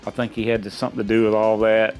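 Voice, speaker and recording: A man's voice: lowish voice, little pitch movement, fast, soft background music. A middle-aged man answering quiz questions in casual chat, rambling and folksy with many restarts. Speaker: quiz contestant.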